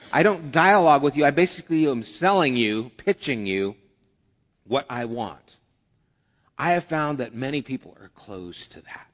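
A man's voice: medium pitch, animated, moderate pace. A man preaching a conversational sermon as a pastor, with acted asides. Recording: long hall reverb.

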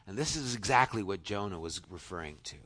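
A man preaching a sermon, retelling a story with conversational asides and dropping to a soft, low voice for emphasis. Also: lively intonation, brisk.

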